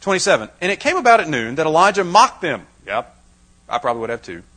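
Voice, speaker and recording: A man's voice: on the high side, big pitch swings, fast, fairly bright tone, rough recording. A man preaching a Bible-teaching sermon to a live audience, dramatizing the scripture with wry asides.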